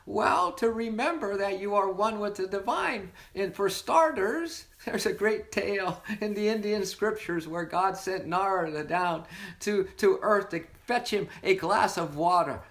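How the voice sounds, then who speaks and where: The leader of an online spiritual sobriety meeting, giving an inspirational talk with storytelling in a warm-hearted, playful, rambling way that often repeats words. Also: medium pitch, expressive, unhurried.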